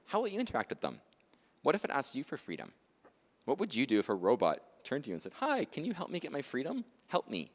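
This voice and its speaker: Speaking in a large hall, a man with a fairly low voice leads a lively conference demonstration workshop. He's chatty and joking, frequently asking the audience "right?" and "okay?".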